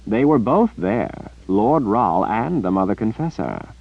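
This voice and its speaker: A man's voice: fairly low pitch, sing-song, a little slow, creaky, breathy edge, no echo, lo-fi sound, pitched above the performer's own voice, heavily acted. A man reading an audiobook, voicing an arrogant, theatrical male sorcerer who drawls and dismisses others with scorn. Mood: haughty.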